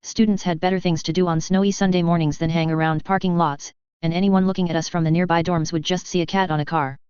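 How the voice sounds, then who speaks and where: Smooth, dry audiobook narrator. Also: mid-range voice, steady tone, fast talker, darkish tone, no room sound, muffled recording. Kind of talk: scripted fanfiction narration.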